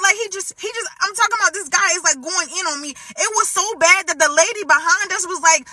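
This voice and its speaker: High, very bright woman telling a story. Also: fairly quick, few pauses, dry recording. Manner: rambling, restarts and quotes others. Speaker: storyteller in a played clip. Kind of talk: casual storytime, acting out dialogue.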